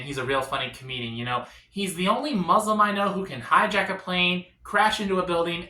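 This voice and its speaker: Male stand-up, self-deprecating, fairly light low-ish pitch, bright tone, lively delivery. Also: roomy sound. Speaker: stand-up comedian. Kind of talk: stand-up comedy set.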